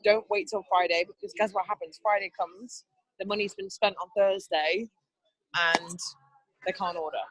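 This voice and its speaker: A woman's voice: mid-range voice, steady tone, normal speed, background noise. A woman leading a team training over a video call, upbeat and chatty, laughing often. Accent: not Canadian. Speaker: team leader.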